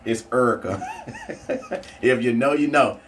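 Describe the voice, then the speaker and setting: A man's voice: medium pitch, a little fast, recorded from a distance, slight background noise. Chatty St. Louis man streaming trackside. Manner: chatty, hypes up races, shouts out viewers. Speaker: livestream host. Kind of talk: casual live commentary. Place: outdoors at a drag strip.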